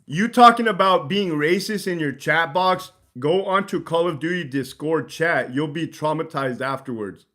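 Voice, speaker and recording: Man, livestream host, casual chat, swearing, laughing, slightly high voice. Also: normal speed, few pauses, pushed and bright. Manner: profane, laughing, reading chat aloud.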